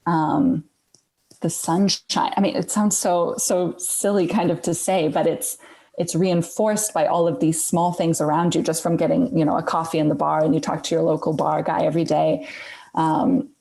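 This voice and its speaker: Low, gravelly-voiced woman. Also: flat delivery, normal speed, mellow. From United States. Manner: hesitant, many fillers and restarts. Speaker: guest. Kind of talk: casual conversation.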